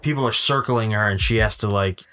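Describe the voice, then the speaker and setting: Calm man recapping a movie plot. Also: on the low side, fairly quick, faint music behind. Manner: calm, steady plot recapping with small fillers. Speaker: podcast co-host. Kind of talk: casual movie-discussion chat.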